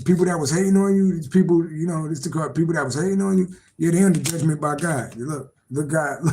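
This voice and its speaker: A man with a mid-range voice, with background noise, does a casual tarot reading on a live stream. He rambles and repeats himself, swears freely and laughs to himself.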